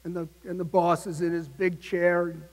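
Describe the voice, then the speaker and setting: A man's voice: high voice, little pitch movement, moderate pace. A man in his sixties giving a motivational keynote speech, punchy and emphatic, often checking in with the audience. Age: 60s. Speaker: keynote speaker. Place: large conference hall. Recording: long hall reverb.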